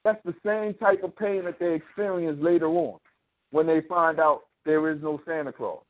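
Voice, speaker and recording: A man's voice: a little high, normal speed. A man hosting a talk show, delivering a heated, preachy monologue full of sarcastic rhetorical questions and profanity. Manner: impassioned, preachy ranting with profanity. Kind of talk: opinionated monologue. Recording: tinny phone-like sound.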